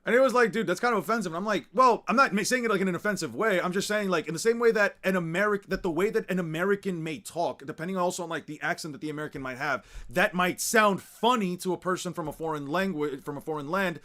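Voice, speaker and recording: A young man with a high voice chats loosely on a stream, circling his point with endless fillers and restarts. His tone is bright and forward, relaxed, and he swears and laughs freely. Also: quick pace, few pauses. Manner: rambling, heavy with filler words and restarts; laid-back, laughs easily, swears casually. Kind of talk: casual rambling chat.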